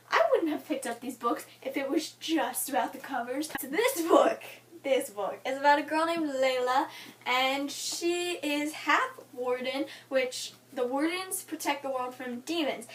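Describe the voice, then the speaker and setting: Gushing young woman, high and lively. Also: far from the mic, a little hiss or hum. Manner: gushing, animated, giggly fangirl rambling. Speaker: book vlogger. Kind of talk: casual book review chat.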